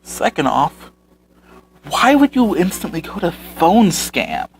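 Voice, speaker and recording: A man's voice: on the high side, wildly swooping pitch, slow pace, slight background noise, poor audio. A man hosting a commentary video, reading out social media posts and answering them with sarcastic, exasperated remarks.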